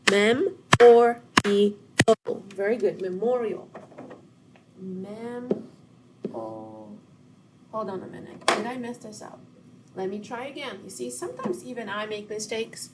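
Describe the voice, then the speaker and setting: Female teacher, patient and encouraging, recorded lesson for kids, faint background noise. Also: on the high side. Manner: encouraging, patient, speaks directly to students. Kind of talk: recorded classroom lesson for children.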